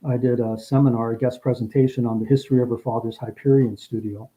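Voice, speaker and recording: A male guest rambles through a personal story, repeating words and restarting often, and grows emotional as the memories come back. He talks fast in a medium, fairly monotone pitch with a dark tone, captured in dull lo-fi audio.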